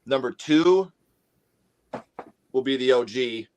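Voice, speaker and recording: Animated man ranting about movies. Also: medium pitch, slow, a little hiss or hum. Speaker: podcast co-host. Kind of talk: casual podcast chat.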